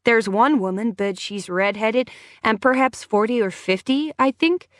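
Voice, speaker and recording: Brief: young female crew member, polite but firm, lifted pitch, audiobook, played by a woman reader. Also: a little slow, no room sound, studio quality, natural voice. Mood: politely firm.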